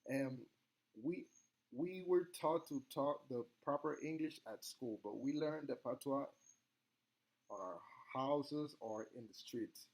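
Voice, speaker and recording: A young man with a Spanish accent, a native Spanish speaker from Latin America, giving an earnest, halting class presentation as a student. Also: medium pitch, low-quality recording. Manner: earnest, halting, reads questions aloud.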